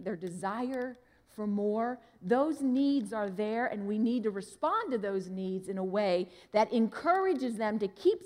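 A woman pastor preaching a sermon, telling a story with lively acted-out dialogue. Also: medium pitch, long reverb tail. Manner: animated, acts out dialogue in her story.

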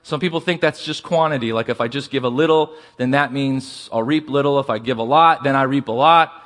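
A man preaching a sermon as pastor, asking the congregation for responses and slowing down to stress key words. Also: medium pitch, a bit bright.

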